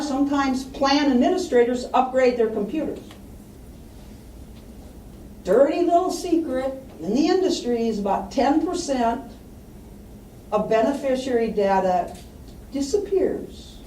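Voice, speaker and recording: A woman presenting on estate planning to an audience, telling stories and acting out quotes in an animated way. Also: high voice, a little hiss or hum. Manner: animated storytelling with acted quotes. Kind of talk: public talk to an audience. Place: lecture room. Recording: echoey room mic from a distance.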